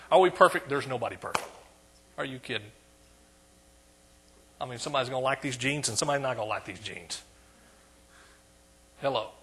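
East texas preacher guy, husky, kinda bright and high, asks amen a lot. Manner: calls for amens, swings between quiet and loud. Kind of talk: sermon. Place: church.

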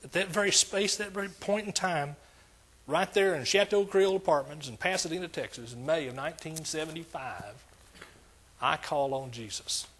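An older man delivers a sermon with a husky, slightly breathy voice pitched a little above the usual for men. He preaches in an emphatic, repetitive cadence, driving each point home. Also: normal speed, a bit bright. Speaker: pastor.

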